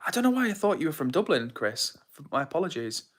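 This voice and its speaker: A man's voice: fairly high pitch, big pitch swings, fast. Upbeat guy reading livestream chat. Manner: upbeat, friendly, shouts out viewers by name. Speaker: livestream host.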